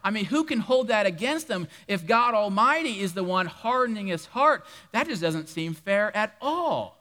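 A man's voice: high-pitched, sing-song, normal speed, pushed and bright, big-room sound. A man preaching a sermon, telling a Bible story with humor and playful asides to the congregation.

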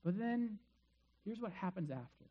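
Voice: mid-range voice, expressive, moderate pace, breathy edge, muffled recording. A preacher giving a sermon in a casual, conversational way, firing rhetorical questions at the listeners and dropping playful jokes along the way.

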